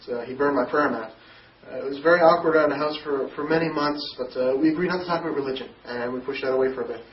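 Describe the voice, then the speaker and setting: A young man from Newfoundland, Canada, telling a personal story in a halting way, often repeating and restarting words. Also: mid-range voice, crowd noise. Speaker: interviewee telling his conversion story. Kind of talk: personal testimony. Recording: distant echoey dull recording, faint noise.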